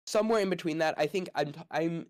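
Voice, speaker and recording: A man's voice: on the high side, quick pace. A man arguing one side of a casual space debate, hedging and thinking aloud with many fillers.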